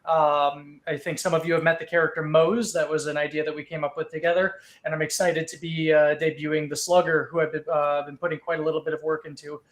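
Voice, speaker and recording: A man guest player introducing himself on a livestream, a bit nervous and halting, with many ums. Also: a little high, level tone. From Chicago area.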